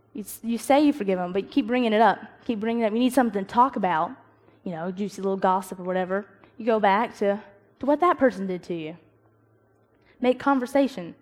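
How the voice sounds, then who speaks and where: A young woman gives a casual devotional talk to a youth group. She is animated, acts out quoted voices, and laughs at herself. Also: mid-range voice.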